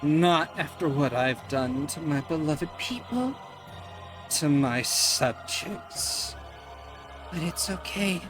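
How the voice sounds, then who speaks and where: A man's voice: a little high, lively intonation, slow pace, music in the background. Man doing a crazed undead archmage ruler. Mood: eerie, tempting. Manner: frantic stammering, swings to shouting. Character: mad undead male archmage ruler, manic.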